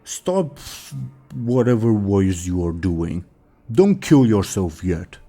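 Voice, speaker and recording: A man's voice: lowish voice, sing-song, takes it slowly, warm tone, faint music behind, exaggerated voice. A man voicing a blunt, simple-minded male ogre who talks in broken grammar. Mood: pushy.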